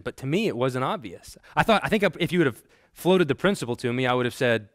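In this classroom lecture, a man from Texas leads a seminary class, sharing personal stories casually with frequent ums and false starts before building to forceful lists. He speaks in a mid-range voice that's very animated, slightly fast and a touch bright. It's recorded in studio quality with no echo.

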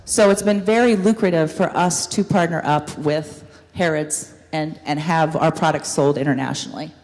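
A woman's voice: sits low, fairly even intonation, moderate pace, darkish tone. A woman giving an upbeat business presentation to an audience, with frequent ums. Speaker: guest speaker, business owner. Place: university hall. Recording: hall reverb from a room mic.

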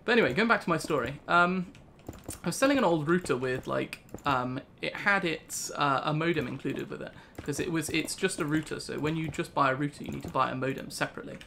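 A man's voice: on the high side, brisk, creaky, pushed and bright, slight background noise. A young British man hosting a casual gaming video, rambling through a story with laughs. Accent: British English. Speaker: gaming channel host. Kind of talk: casual let's play chat.

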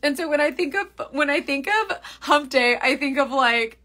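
Bright giggly woman chatting on a livestream. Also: high voice, normal speed, few pauses. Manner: rambling, giggly, reads viewer comments aloud. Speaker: makeup seller and livestream host.

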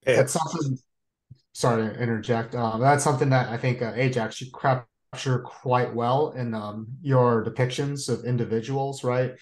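A man's voice: medium pitch, steady tone, normal speed. A man, a Marine veteran on a podcast, chiming in eagerly in a friendly, conversational way. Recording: echoey room.

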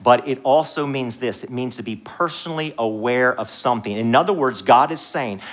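A man preaches to a congregation in a church sanctuary. His voice sits at a middle pitch, and his delivery stays conversational. He climbs high for emphasis, then sinks to soft, hushed lines. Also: moderate pace. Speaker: pastor. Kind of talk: sermon.

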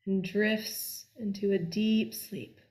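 A woman telling a folk tale aloud in a slow, deliberate, expressive way. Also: medium pitch. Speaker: storyteller. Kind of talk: storytelling.

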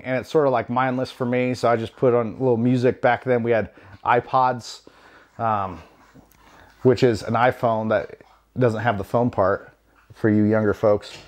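A man from the United States, perhaps in his thirties, tells a story from home in a casual, meandering way. His delivery is wry and self-deprecating, full of ums and asides, at a middling pitch. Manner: rambling, wry, self-deprecating, many fillers.

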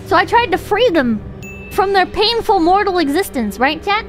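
Very high-pitched, lively woman streamer. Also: normal speed, soft background music. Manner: playful, exclamatory, swears freely. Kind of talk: casual gameplay commentary.

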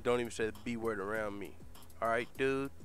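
A man voicing a stern male fighter who gives curt, low orders. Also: steady tone, brisk, fairly bright tone, lightly acted. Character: gruff stern male fighter turned driver.

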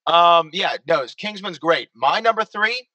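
A man hosting a casual panel chat, talkative and quick to laugh. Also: high voice, lively intonation, pushed and bright, no room sound, recorded from a distance, highs cut off. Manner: chatty, laughs often. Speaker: host.

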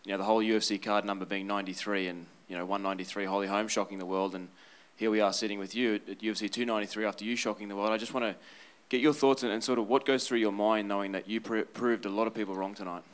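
A man's voice: on the low side, fairly even intonation, very fast, few pauses. A male reporter asking a fighter questions at a press conference, hesitant and full of fillers.

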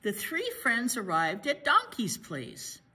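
A woman librarian reading a picture book aloud to children, pausing to chat about the pictures. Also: on the high side, wildly swooping pitch, sharp tone, husky. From United States. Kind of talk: children's story read-aloud.

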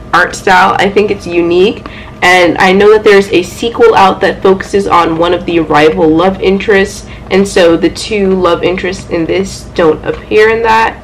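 A young woman chatting casually at home about her manga haul, excitable and playful, with loud exclamations and quick asides. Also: mid-range voice, a little hiss or hum, low-quality recording. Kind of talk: casual chat.

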